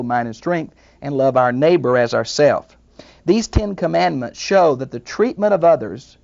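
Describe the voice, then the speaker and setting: An older man, a retired professor, giving a recorded Bible lesson in a thoughtful, unhurried lecturing manner with small asides. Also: on the high side, creaky, a little mellow, dull audio. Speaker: Bible teacher.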